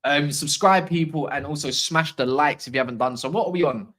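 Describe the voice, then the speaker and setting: A man's voice: a little high, brisk. A man hosting a casual football livestream, ranting with strong opinions and slangy asides while answering chat comments. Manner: opinionated, animated, slangy football-fan rant. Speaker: fan channel livestream host.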